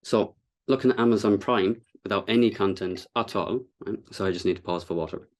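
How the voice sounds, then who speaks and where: Man, low voice, casual meetup speaker, explanatory, loose with fillers. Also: fairly quick. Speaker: content designer giving a talk. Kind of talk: presentation to a meetup audience.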